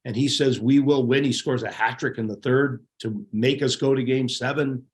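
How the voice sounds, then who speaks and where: Middle-aged male guest, lively anecdotal storyteller, mid pitch. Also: moderate pace. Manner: animated, laughing anecdotes. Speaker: guest, former hockey goalie. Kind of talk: casual storytelling.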